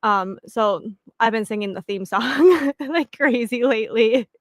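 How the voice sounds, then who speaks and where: A woman's voice: fairly high pitch, expressive, measured pace, dry recording, studio quality. A young woman chatting casually with viewers as the host of a reading sprint stream, rambling and giggling with lots of fillers.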